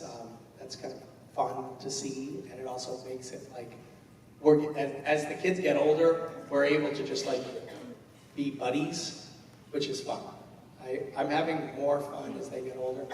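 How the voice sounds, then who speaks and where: A man's voice: medium pitch, measured pace, a little mellow, recorded from a distance, slight background noise. A man in his forties answering a fan's question on stage, joking and self-mocking and rambling with many fillers. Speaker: convention panel guest. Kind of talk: comedic convention Q&A storytelling. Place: large convention hall. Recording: echoey hall recorded from afar.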